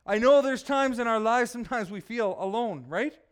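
A man's voice: extremely high pitch, moderate pace, smooth. A man preaching a sermon in church, emphatic and often asking the congregation questions. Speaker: pastor.

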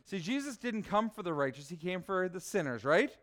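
A man preaching a sermon as pastor, asking his listeners rhetorical questions and swinging from soft to loud. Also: high-pitched, big pitch swings, brisk.

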